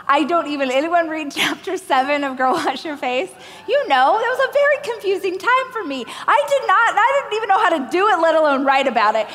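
Speaking briskly in a very high voice, an Oklahoma woman from the United States gives a keynote as a motivational speaker in a large hall at a live event. Her animated, self-deprecating story includes impressions of other people's voices, and the recording carries long reverb and faint noise.

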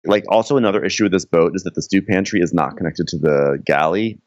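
A man's voice: deep voice, fast, dry recording, highs cut off. A man co-hosting a podcast, chatting jokily and acting out the people he recaps in silly voices. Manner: jokey, acts out reality-show people in silly voices. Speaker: podcast co-host. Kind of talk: casual recap chat.

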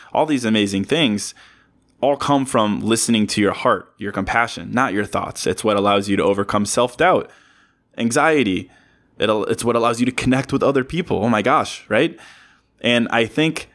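Earnest low-voiced man talking to listeners. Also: fairly bright tone. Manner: earnest, repetitive, joking asides. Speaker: podcast host. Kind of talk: casual motivational monologue.

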